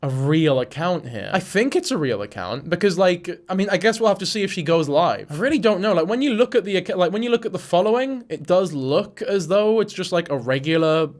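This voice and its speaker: Man, commentary vlog, slightly high-pitched, blunt, sweary, exasperated. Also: animated, brisk, few pauses. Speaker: commentary creator. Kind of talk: casual commentary.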